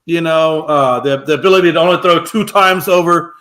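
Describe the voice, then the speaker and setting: A man's voice: a little high, brisk, a bit bright. A man co-hosting a sports talk show, opinionated and rambling with many restarts.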